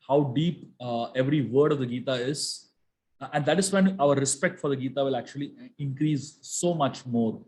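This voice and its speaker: A man giving a spiritual lecture on scripture, speaking emphatically and slowing down to chant verses. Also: mid-range voice. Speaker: spiritual teacher.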